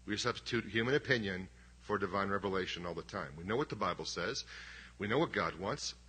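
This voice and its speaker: A man's voice: low voice, fairly quick, sharp tone, breathy edge. A middle-aged man preaching a sermon as pastor, conversational and emphatic, with self-deprecating humor.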